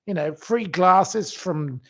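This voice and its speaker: An indignant man from England holds forth to his viewers in a slow, drawn-out way, padding his talk with fillers. He swings between loud theatrical outbursts and muttered asides. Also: sits high. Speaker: livestream host. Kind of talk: casual political rant to viewers.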